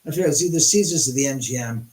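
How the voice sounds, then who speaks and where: A man hosting a livestream from his house, rambling and excitable with many restarts and some swearing. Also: mid-range voice, rapid-fire, echoey room, rough recording. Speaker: livestream host. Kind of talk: live-stream storytelling.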